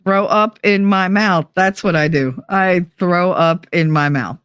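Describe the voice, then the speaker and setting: A woman's voice: fairly low pitch, measured pace, fairly bright tone, clear, resonant tone, no echo. A young adult woman streamer chatting casually while reading quiz questions aloud, blunt, joking and full of profanity. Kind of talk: casual chat reading online quizzes aloud.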